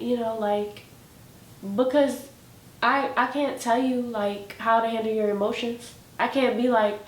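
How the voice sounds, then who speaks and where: A woman co-hosting a casual podcast, talking in an earnest, reflective way and often restarting her sentences. She sounds somewhat far from the mic. The room gives her voice a clear echo. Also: on the high side, fairly even intonation, unhurried, long pauses, fairly bright tone. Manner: reflective, earnest, repeats words as she thinks. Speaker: podcast co-host. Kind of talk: casual chat.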